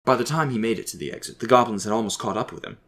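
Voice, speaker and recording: A man reading a scripted story aloud as narrator, telling it in a steady voice. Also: medium pitch, rapid-fire.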